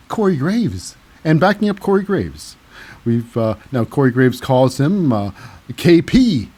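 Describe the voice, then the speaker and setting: A man's voice: medium pitch, sing-song, a little slow, darkish tone. A man hosting a casual wrestling recap, rambling along with frequent fillers and self-corrections. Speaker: recap show host.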